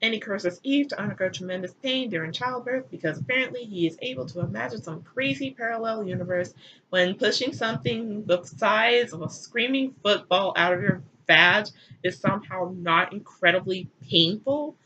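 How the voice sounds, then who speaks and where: A woman's voice: mid-range voice, normal speed, sharp tone, muffled recording, slight background noise. A woman reading aloud her own irreverent, crude comic retelling in a sarcastic way. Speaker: channel host. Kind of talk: comedic read-aloud retelling.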